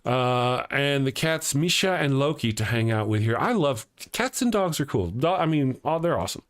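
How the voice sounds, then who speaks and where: A man's voice: mid-range voice, lively intonation, moderate pace. A man hosting a casual live morning show, reading viewer comments aloud and joking, often chuckling as he talks.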